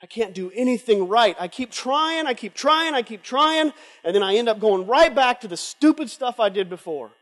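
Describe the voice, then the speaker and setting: A man's voice: very high voice, animated, normal speed, few pauses, fairly bright tone, voice pushed up. A man voicing an ashamed young man pleading in despair about his failures during a sermon. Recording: long hall reverb from a live event.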